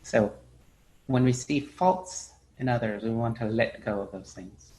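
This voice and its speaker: In a dharma talk, a Buddhist teacher speaks in a relaxed, halting way with many fillers and restarts, telling stories in which he briefly acts out the people he quotes. His voice is medium-pitched, and the recording quality is low.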